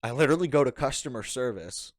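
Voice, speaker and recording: A man's voice: mid-range voice, fast talker, dry recording, studio quality. A young man telling a rambling story in a casual chat, laughing often and acting out what people said. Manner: animated, rambling, laughing, acts out quoted lines. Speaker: podcast guest.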